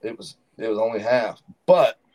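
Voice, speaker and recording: A man telling animated stories as a podcast guest in a studio. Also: lowish voice, moderate pace, crowd noise, poor audio. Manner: animated storyteller, acts out quotes. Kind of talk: casual storytelling.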